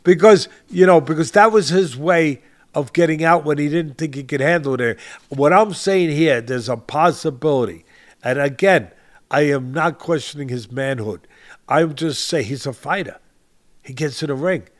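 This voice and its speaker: An older man with a fairly high speaking voice hosts a boxing podcast. He talks with passion and drives each point home by repeating short phrases, now and then calling his co-host by name. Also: moderate pace. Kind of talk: impassioned podcast commentary.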